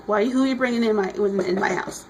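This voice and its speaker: A woman voicing a mellow, laid-back male smith god who acts like a protective big brother. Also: medium pitch, quick pace, gravelly, noisy background, lightly acted. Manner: mellow, chill.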